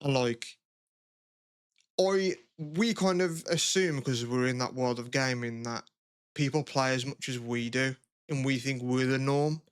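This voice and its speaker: A young man chats loosely on a podcast, drifting between thoughts and swearing freely. His voice is smooth and clear, recorded dry and close with no room around it. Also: mid-range voice, steady tone, unhurried, no room sound. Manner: laid-back, swearing, rambling with lots of "like". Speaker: podcast co-host. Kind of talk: casual chat.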